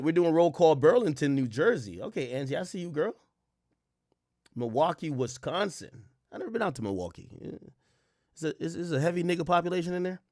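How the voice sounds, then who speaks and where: A young man hosting a livestream, casually reading his chat and shouting out cities in a loose, profane way. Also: on the high side, no echo, studio quality. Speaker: livestream host. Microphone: desk mic close up.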